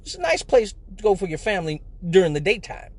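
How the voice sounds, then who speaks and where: A man's voice: high-pitched, very animated, quick pace, a little mellow. A man from Michigan hosting a live stream, telling a story casually with lots of profanity and slang. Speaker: live show host.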